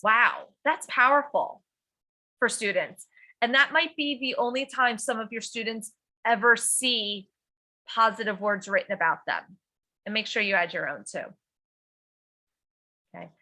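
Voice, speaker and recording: A woman's voice: a little high, unhurried, long pauses, bright, forceful tone. A middle-aged woman teacher giving a conference workshop talk, earnest and compassionate, with many "you know" fillers. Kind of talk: conference presentation.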